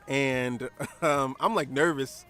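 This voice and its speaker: A man co-hosting a podcast, telling a personal story in a relaxed, rambling way with lots of fillers. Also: mid-range voice, takes it slowly, soft background music. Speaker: podcast co-host. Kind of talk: casual storytelling chat.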